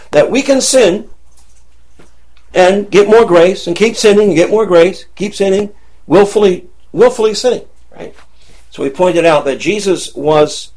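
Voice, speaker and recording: Bible teacher checking in with "right?". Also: male voice, fairly high pitch, darkish tone. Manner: checks in with frequent "right?" and "okay?"; asks the listeners questions.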